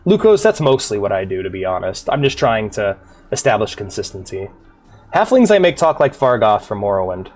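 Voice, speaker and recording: A man's lowish, sing-song voice with a darkish tone comes a little fast as he streams a video game. He's rambling and profane, bantering casually with chat while faint game music plays.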